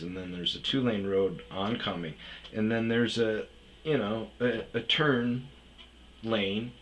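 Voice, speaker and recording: A man's voice: fairly low pitch, poor audio. A man telling a personal story in casual, rambling talk, swearing often and filling gaps with ums and uhs. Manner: rambling, heavy swearing, many fillers. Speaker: storyteller host.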